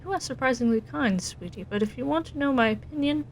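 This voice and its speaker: Whispered role-play, bloodthirsty spirit, sly, breathy, woman reading. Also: high-pitched, animated, quick pace, slight background noise.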